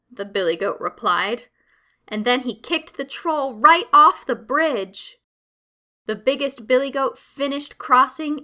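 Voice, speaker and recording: A woman narrating classic children's stories in a slow, clear and expressive storytelling manner. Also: sits high.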